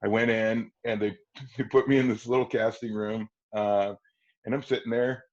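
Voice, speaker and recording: A man in his forties with a low voice tells a rambling story as a podcast guest, jumping into other people's voices along the way. The sound is dull and lo-fi. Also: normal speed. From Kenosha, Wisconsin. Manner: lively raconteur who acts out quoted voices and laughs often. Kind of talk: anecdotal storytelling.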